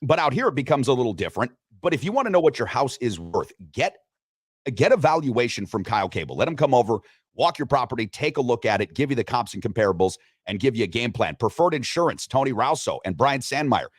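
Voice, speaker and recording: A man's voice: mid-range voice, very animated, quick pace, breathy edge, no echo, studio quality. A man hosting a sports radio show, chatting loosely, joking and reading sponsor spots. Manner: loose, joking, swears casually. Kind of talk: casual sports talk with live sponsor reads.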